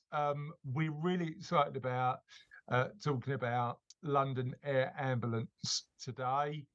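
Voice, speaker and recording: A man's voice: fairly high pitch, fairly bright tone, muffled recording. A man interviewing a guest on a podcast, asking friendly, encouraging questions.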